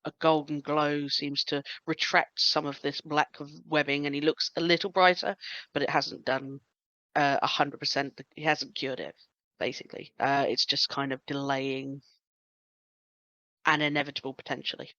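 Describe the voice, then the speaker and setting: A woman narrating a tabletop game as game master, halting with many fillers. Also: sits low, level tone, pushed and bright, dry recording. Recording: dull lo-fi sound.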